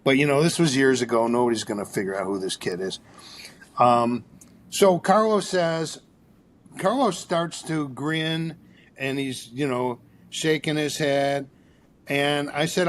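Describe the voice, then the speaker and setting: A man's voice: mid-range voice, unhurried. An older man, a therapist guest, telling a story in an interview and acting out the dialogue with energy. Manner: animated storyteller, acts out dialogue.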